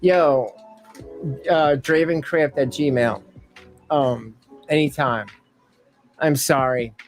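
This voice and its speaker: A man's voice: medium pitch, slow, faint music behind, poor audio. A man hosting a casual livestream, rambling, interrupting himself and laughing often as he reads chat aloud. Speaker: livestream commentary host.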